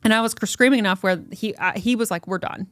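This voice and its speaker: A woman's voice: fairly high pitch, fast talker, smooth, no room sound, studio quality. A young adult woman hosting a podcast, telling a personal story in casual talk full of fillers and quotes. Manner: animated storytelling with many fillers. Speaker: podcast host. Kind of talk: casual conversation.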